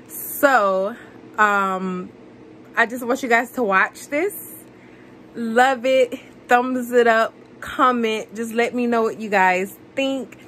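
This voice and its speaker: A woman's voice: fairly high pitch, takes it slowly, fairly bright tone, a little hiss or hum, poor audio. A woman vlogger chatting casually with lots of fillers, narrating a gift unboxing. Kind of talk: casual vlog and voiceover narration.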